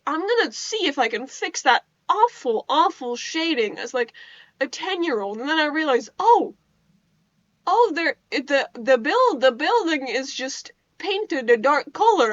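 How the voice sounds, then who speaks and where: A woman's voice: high-pitched, fairly bright tone, no room sound, muffled recording. A young woman rambling casually over a video game, often restarting her sentences, laughing and swearing as she talks. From Netherlands. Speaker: gaming YouTuber.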